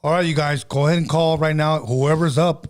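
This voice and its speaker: A middle-aged man hosting a casual late-night call-in show, loud, pushy and profane. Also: on the high side, steady tone, fairly quick. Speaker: host. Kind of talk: casual radio show chat.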